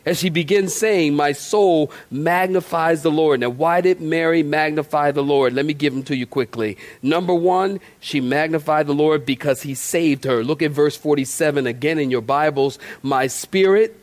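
A man's voice: on the high side, moderate pace, few pauses. A male pastor giving a sermon in a folksy, conversational way, talking straight to his congregation and repeating phrases for emphasis.

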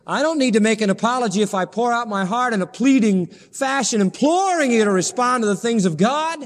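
Impassioned high-voiced male preacher. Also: in a large hall. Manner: impassioned, pleading preaching with sudden rises in pitch. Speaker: pastor. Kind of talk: sermon.

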